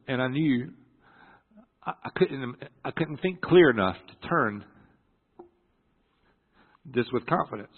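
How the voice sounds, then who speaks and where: A middle-aged man telling a personal story from the pulpit, halting and earnest with many restarts. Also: mid-range voice, breathy edge. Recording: echoey hall through a phone-like line.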